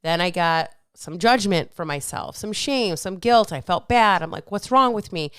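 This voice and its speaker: Candid, smooth-voiced woman podcast host. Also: lowish voice, lively intonation, unhurried, no echo, studio quality. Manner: candid, swears freely, acts out inner voices. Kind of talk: casual podcast chat.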